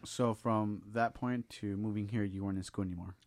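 A man's voice: lowish voice, steady tone, a little fast, a little mellow, no echo, studio quality. A man interviewing casually, asking short prompting questions and giving brief acknowledgments. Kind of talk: casual oral history interview.

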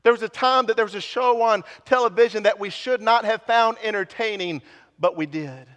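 A man's voice: sits high, normal speed, a bit bright. A man preaching a sermon, building with repeated phrases and dropping to near whispers. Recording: long hall reverb.

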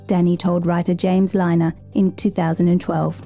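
A woman reading a story aloud in a measured, gentle storytelling manner. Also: lowish voice, flat delivery, faint music behind. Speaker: narrator. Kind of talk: scripted story narration.

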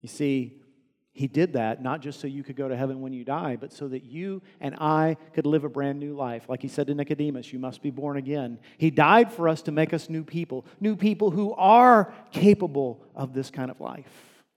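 A man's voice: a little high, moderate pace. Earnest male pastor preaching in a hall. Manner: earnest, rising to emphatic peaks then dropping soft. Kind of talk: sermon.

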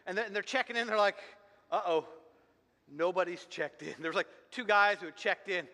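A man with a very high, bright voice delivers a fervent sermon, repeating phrases and restarting as he drives each point home. His words ring out with a long reverb from a church hall. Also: fast. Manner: fervent, repetitive preaching with many restarts. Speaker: pastor.

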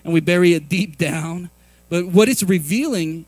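A middle-aged man preaching a sermon in an animated, confessional way, telling stories and restarting often. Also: high-pitched, normal speed, no echo. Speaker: pastor.

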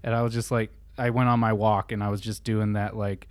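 A man's voice: on the low side, a little fast, no echo. A young adult man telling a rambling, profane story in casual chat. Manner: rambling, profane, animated retelling.

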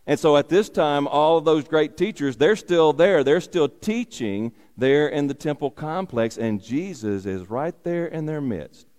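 A man's voice: a little high, animated, measured pace, hardly any pauses, a little mellow. A man preaching a sermon as a pastor, repeating key phrases for emphasis and asking rhetorical questions. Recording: long hall reverb.

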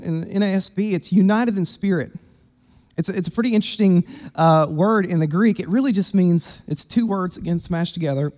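A man's voice: sits high, a little mellow, long reverb tail. A man preaching a sermon as pastor, emphatic and conversational, in a church sanctuary.

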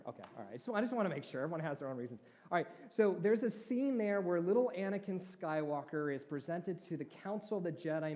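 In a reverberant church hall, a pastor gives a chatty sermon and trades jokes with his congregation. His voice is mellow and a little high.

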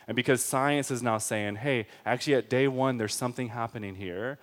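A man preaching a sermon with passion, calling the listeners friends, his delivery moving between forceful emphasis and quiet, slow, weighty stretches. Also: medium pitch. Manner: impassioned, swings from forceful to hushed and slow.

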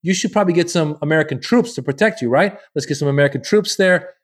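A man's voice: a little high, fast talker. A man, a comedian guest, telling a long story in a casual podcast chat, acting out the people he quotes in a loose, profane way. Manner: animated, acts out quoted people.

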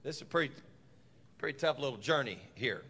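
A man preaching a fervent sermon, building up to shouts. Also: mid-range voice, animated, brisk, slightly rough, long reverb tail.

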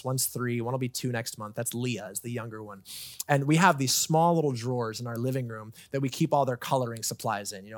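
A man's voice: medium pitch, a bit bright, no room sound, studio quality. A man in his thirties preaching a sermon as a pastor, earnest and conversational, telling personal stories. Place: church stage.

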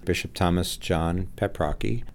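A man's voice: deep voice, steady tone, measured pace, creaky. A man, a bishop, recalling his childhood in an interview in an earnest, reminiscing way. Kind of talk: reflective interview.

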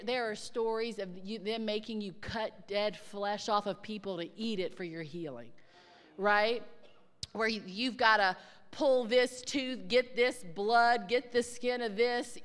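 A woman sharing a ministry testimony in an excitable way, swinging from hushed tones to shouts. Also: fairly high pitch, big-room sound. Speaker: ministry speaker. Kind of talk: animated testimony storytelling.

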